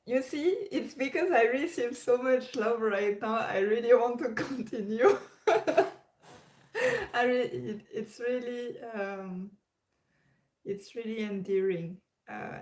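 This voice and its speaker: Slow-talking woman chatting on a livestream. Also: medium pitch, darkish tone. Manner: chatty, hesitant, many restarts and laughs. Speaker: livestream host. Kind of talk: casual livestream chat. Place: her room. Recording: roomy echo.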